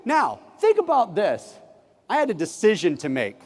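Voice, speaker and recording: Keynote speaker, man, high and very lively voice, acts out every line of dialogue, big hall with long reverb. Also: moderate pace. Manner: animated, acts out classroom dialogue. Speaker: keynote speaker, former teacher. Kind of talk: conference keynote storytelling. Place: large conference hall.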